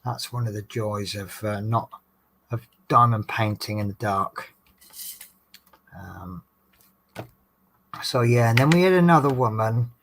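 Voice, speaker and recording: A man's voice: on the low side, unhurried, long pauses, fairly bright tone, a little hiss or hum. A man, a bus driver, chatting casually to a live stream chat about his shifts, rambling and reading chat names aloud. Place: indoors at home, crafting in the dark.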